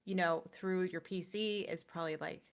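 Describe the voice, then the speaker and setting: A woman's voice: on the low side, steady tone, creaky. Casual woman co-hosting a game stream. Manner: reads release blurbs, then chats with quick laughs. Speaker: co-host of a gaming news stream. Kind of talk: casual live-stream chat.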